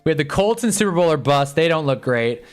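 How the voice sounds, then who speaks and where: A young man casually reacting to live football games on a stream, swinging from low muttering to excited yelling at big plays. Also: fast, soft background music. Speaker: sports streamer. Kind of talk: live football watch-along commentary. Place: home streaming room with green screen.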